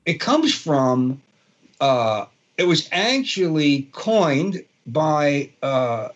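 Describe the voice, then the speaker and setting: Older man, Brooklyn accent, rambling storyteller, fairly high voice, dull lo-fi sound. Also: sing-song, extremely slow. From Brooklyn, New York. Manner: rambling, many fillers and restarts. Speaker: guest guitarist. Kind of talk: casual storytelling interview.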